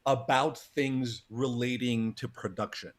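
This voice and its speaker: A man's voice: medium pitch, fairly even intonation, unhurried. A man with an ordinary mid-range voice gives firm, well-phrased opinions as a guest on a remote chat. His delivery is fluent and self-assured. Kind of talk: casual livestream chat.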